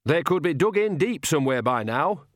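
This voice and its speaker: A man's voice: a little high, sing-song, normal speed, dry recording, studio quality, voice pushed up. A man voicing a cheerful, earthy old woman witch who calls everyone "dear" in a homely way. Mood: shrewd.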